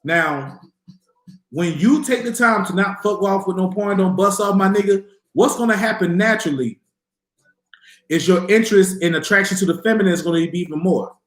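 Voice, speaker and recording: Animated high-voiced man in an echoey room. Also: moderate pace. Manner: profane, animated storytelling with voiced quotes. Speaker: livestream host answering viewer questions. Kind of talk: casual livestream talk.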